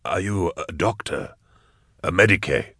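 A scarred old male investigator asks short, firm questions in a low voice, voiced by a man in an audiobook. The sound is close and dry. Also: measured pace, bright, forceful tone, dry recording, exaggerated voice. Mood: questioning. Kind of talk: audiobook reading.

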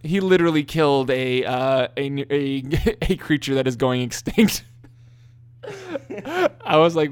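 A man's voice: on the high side, moderate pace, clean tone. A man telling funny family stories in a casual podcast chat, laughing often and restarting his sentences. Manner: animated storyteller, laughs often, many restarts. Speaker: podcast co-host.

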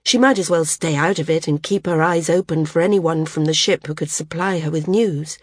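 A woman narrating a fantasy novel in a measured, even storytelling manner. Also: low-pitched, breathy edge, no room sound, clean studio sound. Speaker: audiobook narrator. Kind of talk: scripted narration.

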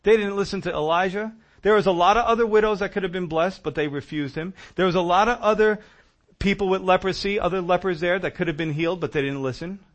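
A man preaching a sermon, telling stories in a conversational, animated way. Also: sits high, fast.

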